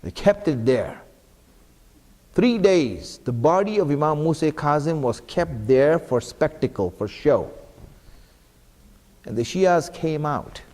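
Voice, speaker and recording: Taking his time and leaving long pauses, a man with a somewhat high, darkish voice gives an animated, earnest sermon. The speaker, from an Islamic center, repeatedly questions the congregation in a mosque hall where the reverb lingers long.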